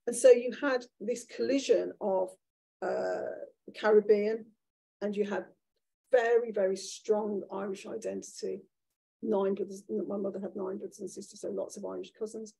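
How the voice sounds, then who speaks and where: A woman in her sixties with a Birmingham accent, a guest author telling candid, animated stories in an onstage conversation before an audience. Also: medium pitch, moderate pace, vocal fry, husky. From Birmingham, England. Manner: animated, candid storytelling with restarts. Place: event room with an audience.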